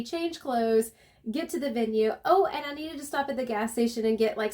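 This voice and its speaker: A chatty woman with a light Southern accent tells her travel story in a rambling, friendly way. Her voice sits a little high, and she trips over words and restarts sentences as she goes. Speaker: travel vlogger. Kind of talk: casual storytelling.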